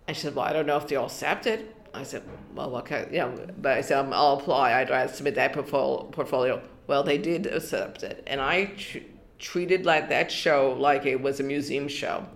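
A woman's voice: a bass voice, fairly even intonation, normal speed, slight background noise. An older woman from New York in an oral history interview, telling her story with many restarts and bits of quoted dialogue.

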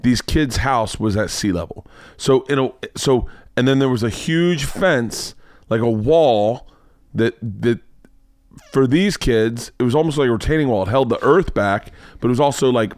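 A man hosting a podcast, telling a profane, animated story in casual chat and acting out the voices in it. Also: mid-range voice, moderate pace, dry recording. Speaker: podcast host.

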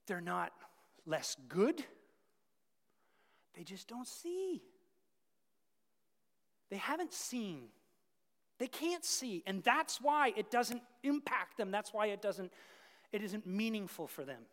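Brief: pastor preaching a sermon, mid-pitched voice, dropping to a whisper then building loud, long hall echo. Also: very animated, takes it slowly, long pauses. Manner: emphatic, swings from hushed whispers to loud outbursts; repeats words for stress.

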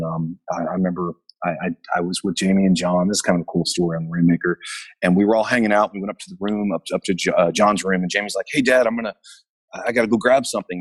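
Calling in remotely from a basement, a middle-aged Memphis actor spins loose, meandering stories for an interview, leaning on fillers and frequent restarts. He sounds low and husky, relaxed throughout.

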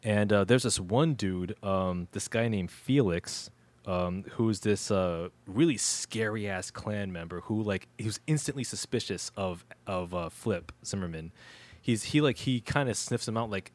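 A man talking through a film on a casual podcast. His voice sits on the low side. He rambles, restarts sentences and leans on slang as he goes. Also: a little slow. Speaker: podcast co-host. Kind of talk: casual movie review chat.

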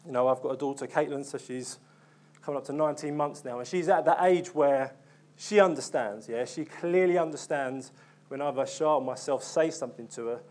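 A man's voice: mid-range voice, fairly quick, a little mellow. A young man preaching a sermon in an earnest, conversational way, with frequent ums and restarts.

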